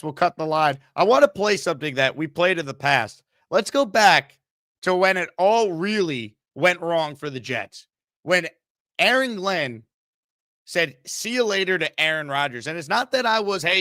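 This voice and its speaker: A man's voice: on the high side, pushed and bright, dry recording, clean studio sound. A man hosting a sports talk show, ranting emphatically and with exasperation. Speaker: podcast host.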